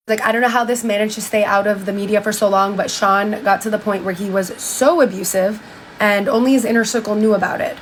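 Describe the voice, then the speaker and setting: A woman's voice: medium pitch, steady tone, brisk, a little hiss or hum, low-quality recording. A woman casually retelling a book's story in her own words, chatty and full of "like", with bursts of disbelief. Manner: chatty, lots of "like", exclaims in disbelief. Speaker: commentator. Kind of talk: casual commentary retelling a book.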